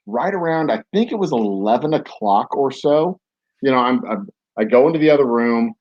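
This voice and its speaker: A man's voice: mid-range voice, lively intonation, moderate pace, dull audio. Rambling man telling a story. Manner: rambling, with many "like"s and restarts. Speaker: podcast host. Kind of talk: casual storytelling.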